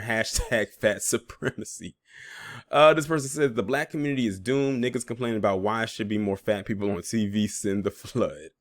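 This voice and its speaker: A man's voice: on the low side, dry recording, clean studio sound. A man reading out social media posts and reacting with sarcastic, laughing asides, as host of a commentary channel.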